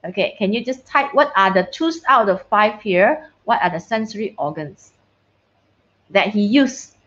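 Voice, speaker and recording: With lively intonation and a fairly bright tone, a mid-range female voice teaches science over a video call at a measured pace. Chatty and casual, she repeatedly confirms her online students can hear her and sprinkles in short Mandarin phrases, heard through lo-fi sound.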